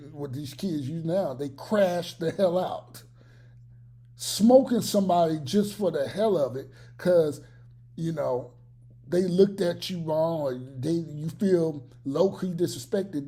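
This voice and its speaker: Slow, mellow-voiced blunt male commentator. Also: a little high, animated. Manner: blunt, profane, preachy. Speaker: reaction video commentator. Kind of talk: casual reaction commentary.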